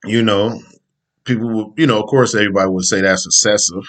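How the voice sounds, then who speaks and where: A man's voice: on the low side, fairly even intonation, brisk. A man hosting a podcast, talking in a loose, rambling, slangy way and laughing often. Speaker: podcast host. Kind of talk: casual opinion talk.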